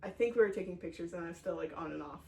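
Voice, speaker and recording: A podcast co-host tells a story in casual chat, her lowish voice racing along, creaky and a little mellow, and she fills it with "like." The mic sits at a distance, with faint background noise behind her.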